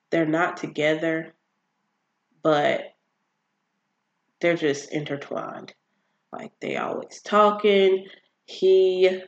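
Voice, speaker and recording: A person casually recapping a TV series on their own channel, animated and exasperated, with emphatic asides and quick impressions of the characters. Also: mid-range voice, lo-fi sound. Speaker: TV show recapper.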